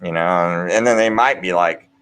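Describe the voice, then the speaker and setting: A man's voice: sits low, normal speed, fairly bright tone, clean tone. A man hosting a late-night show, talking in a casual, rambling monologue full of restarts and "you know"s, with an earnest, preachy bent.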